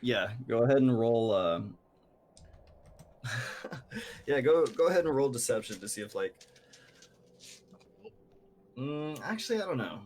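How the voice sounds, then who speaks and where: A man narrating as game master of a tabletop game, slow and rambling with many fillers. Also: mid-range voice, big pitch swings, a little mellow, a little hiss or hum.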